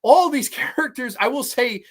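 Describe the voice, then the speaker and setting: A man's voice: very high-pitched, lively intonation, normal speed, fairly bright tone. A man in his twenties hosting a horror movie review, talking casually with a profane, sarcastic, ranting manner. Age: 20s.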